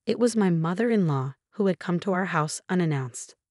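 A woman in her forties tells a first-person story in an even, measured delivery. Her voice sits on the low side, and the recording is close and dry with no room sound. Her tone stays steady throughout. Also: no echo. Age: 40s. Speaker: narrator.

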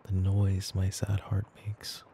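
A man voicing a needy, teasing boyfriend in a whispered role-play, playful and laughing as he switches between whispers and soft talk. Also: low voice, monotone, slow, slight background noise. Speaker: ASMR voice actor.

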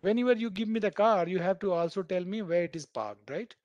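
A man teaches a live programming class in a fairly high voice. He talks students through each idea with homely comparisons and keeps asking "right?" to make sure they follow. The sound is close and dry, with no room around it. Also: fairly quick, darkish tone, no room sound, lo-fi sound. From India. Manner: keeps checking in with "right?", explains by everyday analogies. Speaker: programming instructor. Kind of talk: live online coding class.

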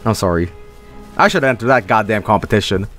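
A man rambles through casual gameplay commentary from a home streaming setup, his pitch leaping up and down as he talks. He swears freely and bursts into sudden high-pitched exclamations. Faint music plays underneath. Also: expressive, fairly quick. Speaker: streamer playing a game.

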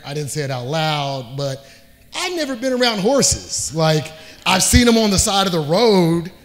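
Lively high-voiced man telling a story. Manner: animated, acts out scenes, voice rises when panicked. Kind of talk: live comedic storytelling.

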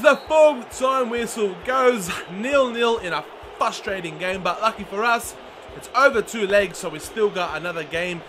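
A young man commenting live on his football video game, chatty and excitable, shouting at the big moments. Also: sits high, moderate pace, slight background noise. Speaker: gaming video host.

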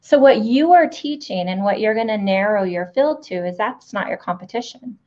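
A woman's voice: mid-range voice, expressive, normal speed, darkish tone. Woman host, direct, instructive, dull lo-fi recording. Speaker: host, nail educator. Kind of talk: interview with teaching asides. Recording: dull, lo-fi audio.

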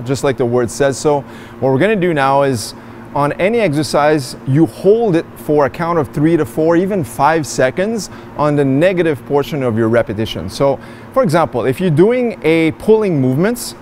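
A man's voice: a little high, darkish tone, slight background noise. A man in an indoor gym demonstrating and explaining a workout, in an upbeat coaching manner that speaks straight to his viewers. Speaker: fitness vlogger.

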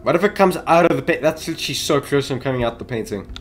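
A young man talks his way through a horror game, jumpy and chatty, with a voice of middling pitch. A faint hiss sits under the recording, and keyboard tapping drifts in behind him. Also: animated, fast. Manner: jittery, talks to the game, yelps in panic. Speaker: gaming YouTuber.

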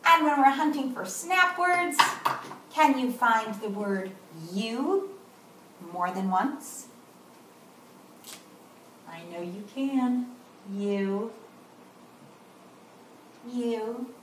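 A woman teaching kindergarten, slow and sing-song and encouraging as she spells out letters and sounds for young children. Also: on the high side, lively intonation, noisy background. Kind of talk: recorded morning lesson for young children. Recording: roomy echo, voice a bit far from mic.

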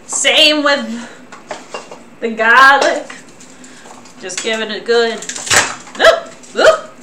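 Slow-talking Southern California streamer woman. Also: fairly high pitch, sharp tone. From Orange County, Southern California. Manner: chatty, swears casually, talks to chat while cooking. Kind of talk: casual cooking livestream. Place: home kitchen. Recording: roomy kitchen, mic a bit far, faint noise.

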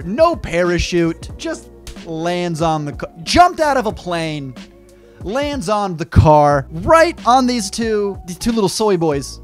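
A young man giving mocking, excitable comedic reaction commentary on a video. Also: high voice. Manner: excitable, mocking, laughs at clips. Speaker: YouTube commentator.

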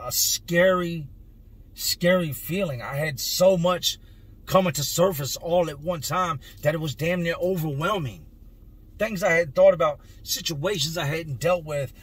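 A man's voice: on the high side, a bit bright, husky. A man in his thirties, a vlogger, telling his own story to camera in an earnest, emotional way, stretching words for emphasis.

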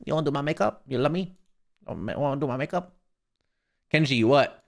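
A man streaming live, chatting casually with viewers and ranting in a profane, animated way. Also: medium pitch, moderate pace, long pauses.

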